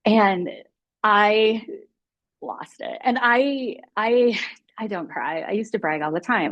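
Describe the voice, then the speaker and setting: A woman with a mid-range voice, speaking a little slowly as a guest mindfulness teacher, tells her own story openly and confessionally, acting out her past thoughts. The recording is dry, with the highs cut off.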